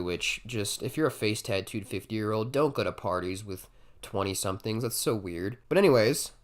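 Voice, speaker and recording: A man in his twenties telling a comic story in a casual, swearing storytime style, jumping suddenly from muttered asides to loud bursts. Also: mid-range voice. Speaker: comedy storyteller. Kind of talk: comedic storytime monologue.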